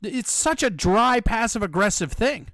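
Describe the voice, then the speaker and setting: A man's voice: high-pitched, expressive, unhurried, fairly bright tone, dry recording. A man co-hosting a casual chat, blunt and opinionated and swearing freely.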